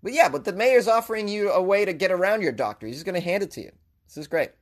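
Guy riffing on a news story, jokey and rambly, kinda higher voice, pokes fun at himself a lot. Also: animated, quick pace. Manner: rambling, joking, self-deprecating asides. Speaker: comedic news commentator. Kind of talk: comedic commentary on a news story.

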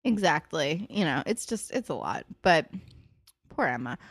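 A woman co-hosting a podcast, chatting casually as she recaps a TV episode, expressive and full of "like" fillers. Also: sits low, unhurried, no room sound, clean studio sound. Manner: expressive, swings between bright emphasis and soft asides; frequent "like" fillers. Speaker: podcast co-host.

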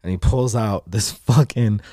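Profane, animated young man telling stories. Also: lowish voice, measured pace, dry recording, studio quality. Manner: animated, profane, acts out quotes. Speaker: podcast co-host. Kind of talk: casual storytelling chat.

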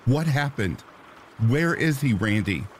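A man's voice: big pitch swings, slow, slight background noise. A man voicing a terrified young mother. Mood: panicked. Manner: pleading, raised pitch. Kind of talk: horror story narration.

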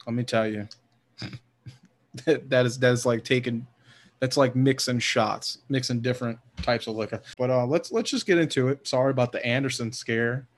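A man from New Orleans co-hosts a casual sports podcast. He talks loosely, laughs often and swears freely. His voice sits at an ordinary middle pitch. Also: moderate pace. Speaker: podcast co-host. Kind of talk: casual chat.

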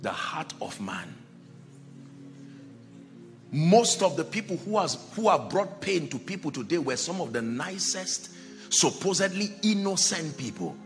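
A man preaching a sermon as pastor, dramatic, dropping to a hush and rising to shouts, acting out the people in his stories. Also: a little high, sing-song, a little slow, faint music behind. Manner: acts out Bible characters in quoted dialogue.

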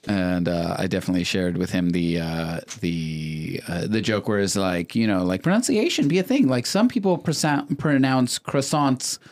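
A man's voice: sits low, normal speed, hardly any pauses. A young man co-hosting a podcast, teasing the others with playful questions in a casual chat. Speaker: podcast co-host.

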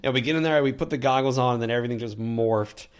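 A man's voice: mid-range voice, fast, smooth. A man, a podcast co-host in casual chat, telling stories animatedly and laughing often. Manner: animated storyteller who acts out quotes and laughs often.

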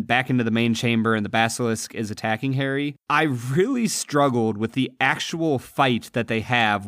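A man's voice: mid-range voice, a bit bright, dry recording, clean studio sound. A man co-hosting a podcast, earnestly discussing a film and its performances. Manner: earnest, admiring. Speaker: podcast co-host. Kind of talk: casual film review chat.

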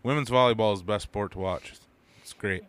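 A man's voice: lowish voice, brisk, a bit bright, clean tone. A man with an Upper Midwest American accent, co-hosting a casual podcast and telling crude, rambling stories full of swearing. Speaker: podcast co-host.

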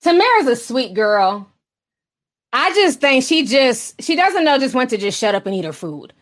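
A woman hosting a livestream, chatting casually about celebrity gossip and reading viewer comments in a sassy, animated way. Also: sits high, moderate pace. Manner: sassy, animated, chatty with mocking voiced quotes. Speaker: livestream host reading super chats.

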